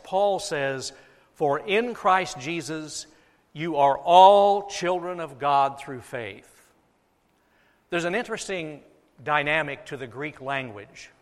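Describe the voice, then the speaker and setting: This sermon comes from a pastor in the United States whose voice is fairly high and fairly bright. Speaking from the pulpit, he's emphatic and repeats key phrases for effect, with the long reverb of a large church sanctuary behind him.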